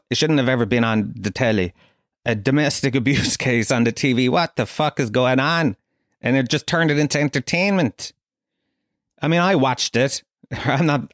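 A man's voice: medium pitch, dry recording, studio quality. Swearing Irish man in his forties, ranting. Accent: Irish, Kerry. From Ireland. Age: 40s. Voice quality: animated, incredulous, swearing freely. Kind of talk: profane comic rant.

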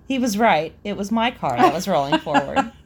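A woman's voice: fairly high pitch, very animated, moderate pace, gravelly, breathy edge. A young woman casually reading out embarrassing stories and laughing between them. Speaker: storyteller reading listener stories.

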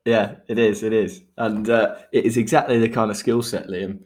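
A man's voice: fairly low pitch, fairly even intonation, moderate pace, darkish tone. A man hosting a podcast in casual chat, joking and laughing often and repeating words as he goes. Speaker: podcast host.

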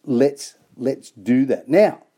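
An enthusiastic Australian host chats casually about local products, with a mellow, warm tone and a voice that swoops up and down a lot. Web addresses get spelled out slowly, letter by letter. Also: medium pitch, expressive, breathy edge.

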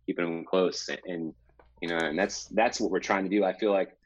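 A man in his forties, a guest on a podcast, speaking thoughtfully and haltingly with frequent restarts. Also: sits low, steady tone, no room sound, lo-fi sound. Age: 40s. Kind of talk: casual interview chat.

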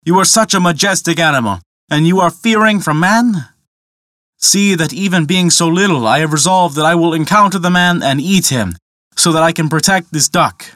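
A proud young lion cub speaks with brash confidence, a man reading his lines aloud. The voice sits a little high and rings bright and forceful. It is close and dry, with no room sound around it. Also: normal speed, no room sound, lightly acted. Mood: boastful. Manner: proud, commanding storybook speech. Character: young male lion cub, bold and boastful.

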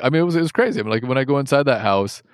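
A podcast co-host rambles and teases through a casual chat, full of fillers. His mid-range voice is very fast with lively intonation and a clean tone, recorded in a clean studio with no room sound.

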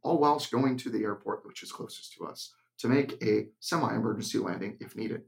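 A man's voice: fairly low pitch, gravelly. A young adult man co-hosting an aviation podcast and sharing his view as a flight instructor, blunt and emphatic in casual chat. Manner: blunt, emphatic, slips into a deliberate monotone when acting out cockpit instructions.

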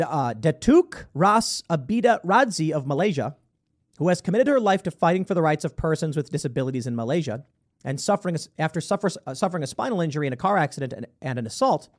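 A male commentator reads out news passages and reacts with sarcasm and disbelief. His voice sits high and swings widely in pitch. He talks casually, stumbling and breaking into mocking asides. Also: a little mellow. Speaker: political commentator.

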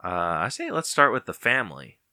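Lowish, very bright man giving opinions. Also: brisk, dry recording. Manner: relaxed and opinionated, laughs easily. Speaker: podcast co-host. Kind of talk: casual podcast chat.

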